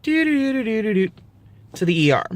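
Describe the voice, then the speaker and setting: A man in his twenties telling a personal story to camera in a casual vlog, animated and profane, acting out the people he quotes. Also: a little high, unhurried, no echo. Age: 20s. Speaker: vlogger.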